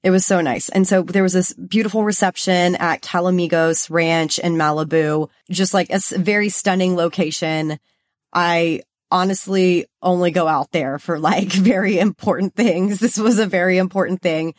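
A woman's voice: on the low side, steady tone, normal speed. A young woman from Los Angeles co-hosting a podcast, talking in a bubbly, chatty way and saying "like" a lot. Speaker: podcast co-host. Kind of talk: casual chat.

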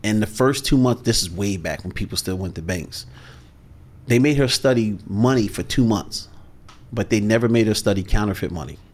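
A man talking as a sales coach guest in a podcast interview, measured, deliberate and authoritative. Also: lowish voice, darkish tone.

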